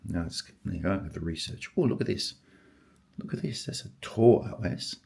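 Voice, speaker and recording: An older man with a very low, gravelly voice that sounds husky, thinking aloud at his desk. He drifts between quiet murmurs and excited exclamations. A faint hiss sits under the recording. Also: moderate pace. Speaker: stamp collector. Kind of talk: casual vlog, thinking aloud while sorting.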